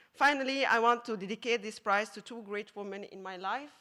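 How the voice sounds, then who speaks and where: A woman from Egypt, a math teacher giving an emotional acceptance speech, laughing often and pausing with fillers. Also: medium pitch, bright, forceful tone.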